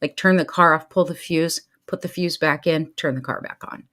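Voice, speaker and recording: A middle-aged woman and show host telling casual stories to her viewers, animated and quick to laugh. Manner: animated, laughs often, swings pitch to act out what people said. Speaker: life coach and show host.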